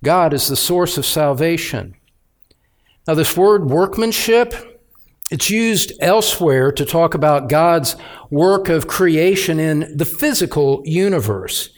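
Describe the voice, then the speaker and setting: A man preaching an expository sermon as pastor, speaking deliberately and with emphatic repetition. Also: fairly high pitch, expressive.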